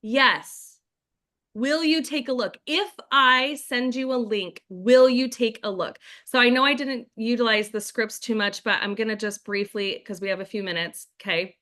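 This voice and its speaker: A woman's voice: fairly high pitch, moderate pace, pushed and bright. A woman leading a group video call as a network marketing trainer, chatty, with frequent "like" and "right?". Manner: chatty, acts out sample scripts in quotes.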